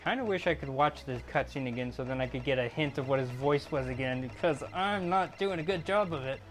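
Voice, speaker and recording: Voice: medium pitch, a little fast, faint music behind. A streamer musing aloud, self-critical about their voice work, in casual let's play commentary.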